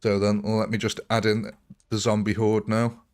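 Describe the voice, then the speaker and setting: A man's voice: lowish voice, monotone, moderate pace, darkish tone. A man chatting casually as he streams a strategy game live, thinking aloud, greeting viewers and laughing often. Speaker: gaming livestreamer.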